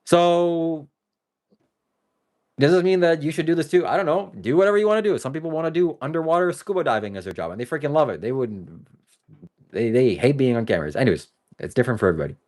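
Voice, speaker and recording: A man live-streams to his viewers in a loose, rambling monologue. His pitch moves a lot and his tone swings between joking and earnest. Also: expressive, fast talker, darkish tone. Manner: talks straight to viewers. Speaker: livestreamer.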